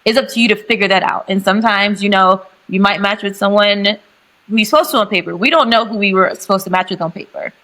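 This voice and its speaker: On a video call, a young woman from St. Louis, Missouri, with the local accent chats candidly as a podcast guest, talking freely and laughing easily. Her voice is medium-pitched, fast, bright and forceful, and the recording is rough.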